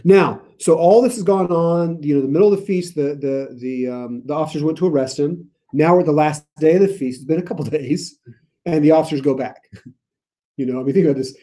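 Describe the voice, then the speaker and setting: A man with an American accent leading a casual Bible study, animated and playful, laughing as he explains the text. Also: on the high side, a little fast.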